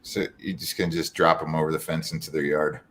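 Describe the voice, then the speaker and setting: This man's voice is very deep, and he delivers teasing setups in a dry, deadpan way. There is faint hiss behind his voice. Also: a little fast. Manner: dry teasing, sets up jokes. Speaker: co-host. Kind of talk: casual chat, teasing banter.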